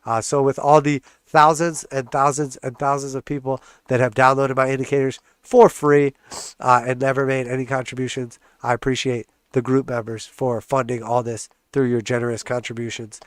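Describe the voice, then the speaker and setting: A man's voice: medium pitch, flat delivery, normal speed, smooth, dry recording, clean studio sound. A man with a congested, stuffed-up voice hosting a live trading stream, walking through charts in a casual, joking way. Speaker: trading channel host.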